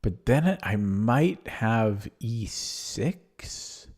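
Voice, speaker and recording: A man streaming chess puzzles, thinking aloud with a husky, strained voice, often correcting himself. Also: lowish voice, lively intonation, darkish tone. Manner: muttering, self-correcting, quick laughs.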